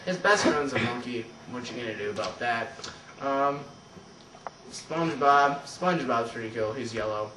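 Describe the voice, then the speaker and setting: A man hosting his own vlog, rambling through unscripted random thoughts in a goofy, deadpan way. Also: mid-range voice, normal speed. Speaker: vlog host. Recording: roomy and distant with faint noise.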